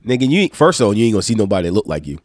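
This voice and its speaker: A man's voice: fairly low pitch, racing. Stuffy-nosed man telling loose stories. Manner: loose, profane, animated storytelling. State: sick, stuffed-up nose. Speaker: podcast host. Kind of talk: casual podcast chat.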